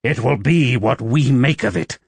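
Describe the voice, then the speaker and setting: A man voicing a brooding, persuasive young nobleman who speaks with low, coaxing intensity in an audiobook. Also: measured pace, creaky, slightly rough, no echo.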